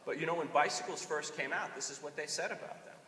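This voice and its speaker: A man's voice: fairly high pitch, fast talker. A man in his forties giving a conference talk, joking with the audience and drawing them in. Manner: animated, jokey, engages the audience. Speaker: conference presenter. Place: conference hall. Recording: echoey hall, voice from far off, faint ambience.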